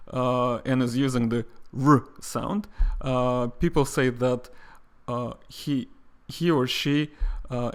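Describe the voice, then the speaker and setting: A middle-aged man from the Soviet Union with a Russian accent teaches an online language lesson. He explains slowly and models sounds for the listener to repeat. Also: medium pitch.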